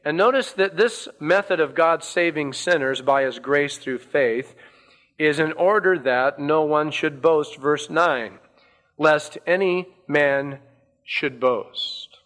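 A male pastor delivers a sermon in a bright, forceful voice. He speaks slowly and deliberately, leaning on key words and repeating them for emphasis. His pitch sits a little high for a man.

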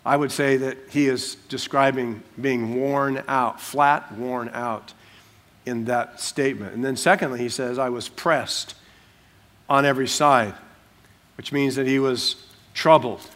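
A man, a pastor preaching a sermon and teaching through a passage verse by verse, breaking into small acted-out scenes in softer voices. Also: medium pitch, a little slow. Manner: animated, acts out little scenes in dropped voices.

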